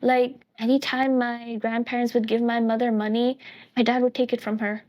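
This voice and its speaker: A woman with a high, light voice shares a painful family story as a podcast guest. She speaks earnestly and often stops to restart or correct herself mid-sentence. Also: little pitch movement, moderate pace, muffled recording. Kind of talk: personal storytelling in a podcast interview.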